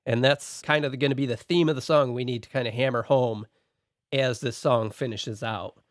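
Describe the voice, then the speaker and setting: A man with a medium-pitched voice works through a list of notes in a relaxed, methodical podcast chat. The sound is close and dry, with no room around it. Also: moderate pace, no room sound. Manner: methodical, talks through his notes point by point. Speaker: podcast co-host and song producer. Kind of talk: casual podcast discussion.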